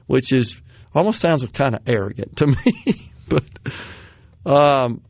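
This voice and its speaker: A man's voice: medium pitch, animated, slow pace, gravelly, darkish tone, no echo, studio quality. A man in his sixties with a Southern American accent, hosting a radio talk show and reminiscing in a rambling way, often laughing. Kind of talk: casual studio chat. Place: radio studio. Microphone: studio microphone.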